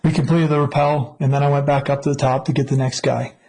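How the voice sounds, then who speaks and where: A middle-aged man giving an earnest personal testimony, recounting a mountain rescue in a measured storytelling manner. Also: mid-range voice, little pitch movement, creaky, warm tone, poor audio.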